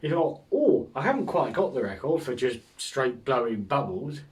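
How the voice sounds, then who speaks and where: A man's voice: medium pitch, very animated, moderate pace, recorded from a distance. A man hosting a casual solo podcast, rambling through jokes with a self-mocking humour and frequent chuckles. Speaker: podcast host.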